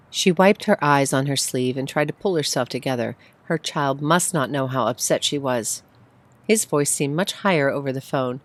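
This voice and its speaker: A woman narrating a short story, reading in measured, phrase-by-phrase delivery. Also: extremely low pitch. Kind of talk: read-aloud short story.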